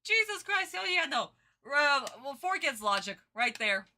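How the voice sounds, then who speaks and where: A woman's voice: high-pitched, very animated, a little slow, pushed and bright. A tired woman streamer giving exasperated reaction commentary, ranting and repeating herself.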